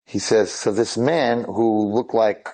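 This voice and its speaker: A man's voice: on the low side, slow pace, low-quality recording. A man retelling dramatic stories to an audience, acting out the dialogue and breaking off into asides. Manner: animated, acts out quoted dialogue, frequent asides.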